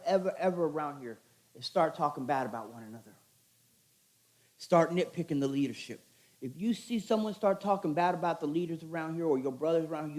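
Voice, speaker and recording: A man's voice: high voice, gravelly. A middle-aged man giving an informal, earnest sermon in a conversational, repetitive way. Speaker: chapel speaker.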